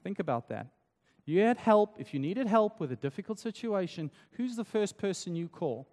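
A man's voice: high voice, sing-song, normal speed, a little mellow. A man from South Africa preaching a sermon as pastor, in a chatty style that keeps asking "right?". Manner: conversational, tag questions like "right?". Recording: long hall reverb.

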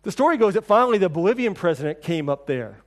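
A middle-aged man preaching a sermon, telling stories and acting out quoted voices with lively shifts. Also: quick pace. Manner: storytelling, acts out quoted voices with lively shifts in pitch and level. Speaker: pastor.

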